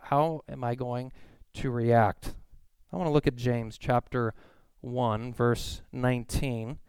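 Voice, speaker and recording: A man's voice: mid-range voice, smooth, dry recording. A man in his thirties preaching a sermon, telling a family story in a casual, self-deprecating way. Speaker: pastor.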